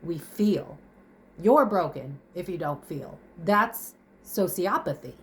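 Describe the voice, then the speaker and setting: A woman's voice: on the low side, animated, slow pace. A young woman in her kitchen at home, crying and out of breath as she vents bluntly to camera in a raw confessional monologue, swearing and firing off rhetorical questions. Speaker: vlogger.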